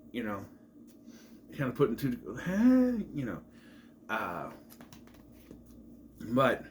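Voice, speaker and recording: A man's voice: medium pitch, a bit bright, slight background noise. A man casually recapping a movie, rambling and trailing off into asides. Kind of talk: casual film recap commentary.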